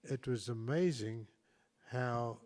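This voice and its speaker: A man hosts a relaxed talk show and drifts into reflective stories. He often breaks off and restarts his sentences as he talks. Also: mid-range voice, slow pace. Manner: reflective, rambling, with frequent restarts. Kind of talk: casual storytelling conversation.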